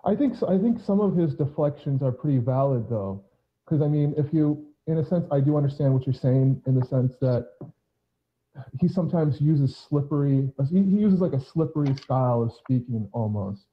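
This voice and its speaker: A man of middling pitch makes his case in a casual debate, measured but tripping over repeated words. The sound is muffled, lo-fi voice call audio. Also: expressive.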